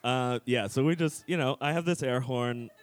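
A man guesting on a live comedy podcast who talks in a hesitant, nervous, halting way. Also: mid-range voice, smooth, dry recording. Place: stage before a live audience.

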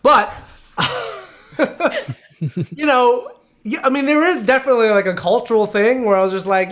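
A man's voice: very high voice, animated, normal speed, fairly bright tone. A man in casual chat, frank and self-mocking, swearing as he talks.

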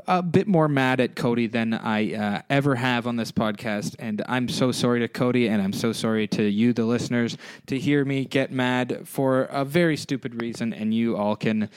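A man's voice: medium pitch, clean tone, no room sound. A man hosting a podcast, talking casually and apologetically, rambling with fillers and restarts into a close mic. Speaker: podcast host.

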